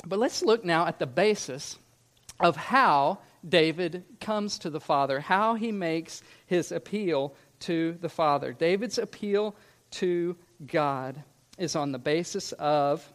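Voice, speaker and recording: A man's voice: a little high, expressive, slow, a bit bright. A man who grew up in Scotland, preaching a sermon in an earnest, emphatic way and asking the listeners rhetorical questions. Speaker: pastor.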